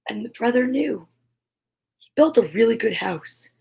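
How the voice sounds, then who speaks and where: A woman telling a fairy tale aloud in a slow, playful comic reading with little asides. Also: fairly high pitch, lively intonation, vocal fry, darkish tone. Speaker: storyteller. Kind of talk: comic storybook narration.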